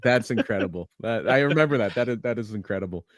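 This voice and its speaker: A man's voice: fairly low pitch, lively intonation, fast, no room sound, clean studio sound. A man co-hosting a casual wrestling podcast, telling stories with many restarts and chuckles. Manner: rambling storyteller, many restarts, laughs. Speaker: podcast co-host.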